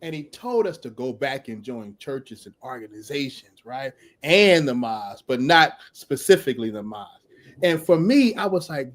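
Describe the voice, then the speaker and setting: A middle-aged man telling a lively personal story as a podcast guest, laughing often and acting out the people in it. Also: mid-range voice, moderate pace. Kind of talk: animated storytelling.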